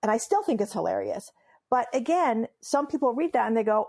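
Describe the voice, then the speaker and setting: A woman's voice: on the high side, lively intonation, a little fast, vocal fry, a little mellow. A woman from Iran, a memoirist and humorist, telling stories in an interview with a playful, emphatic delivery and frequent laughs. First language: Farsi. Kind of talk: animated interview storytelling.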